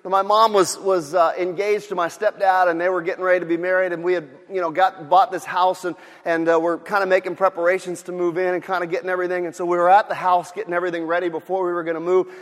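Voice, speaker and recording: A man preaching a sermon as pastor, animated, swinging from loud outbursts to quiet storytelling. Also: high voice, fast talker, hardly any pauses, long reverb tail.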